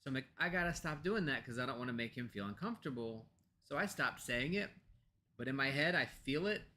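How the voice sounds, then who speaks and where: A man's voice: medium pitch, expressive, brisk. An American man co-hosting a pagan discussion show, talking casually at his home computer with many fillers and restarts, and now and then turning aside to his pets. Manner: talks softly to pets off to the side. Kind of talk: casual chat.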